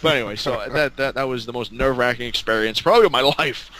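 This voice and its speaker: A man tells a raucous road story in loose, casual chat. His voice is bright and forceful, and curse words come thick and fast as he acts out each person's lines. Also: mid-range voice. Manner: excited, swears constantly, acts out quotes. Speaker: storyteller guest.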